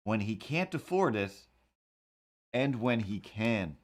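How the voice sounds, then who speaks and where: A cartoonist streamer with a lowish, sing-song voice speaks slowly while he draws. His casual chat rambles along in a wry, incredulous way.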